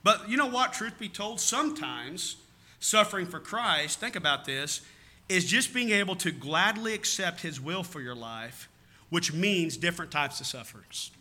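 A man's voice: high voice, animated, moderate pace, pushed and bright. A man with a Southern American accent preaching a sermon in a folksy, rambling way, often calling out "amen?" to his church. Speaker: pastor.

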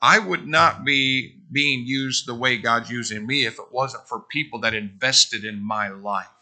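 Middle-aged man, church preacher, tense bright tone, chatty storytelling sermon. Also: medium pitch, measured pace. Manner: conversational, animated storytelling with asides to the congregation.

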